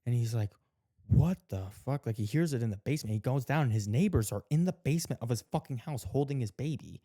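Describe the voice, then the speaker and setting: A man's voice: mid-range voice, fast talker, dark tone, no echo, studio quality. A man casually retelling a show's plot, swearing a lot, saying "like" often and acting out the characters' lines. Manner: heavy swearing, many "like" fillers, acts out quotes. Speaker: podcast co-host.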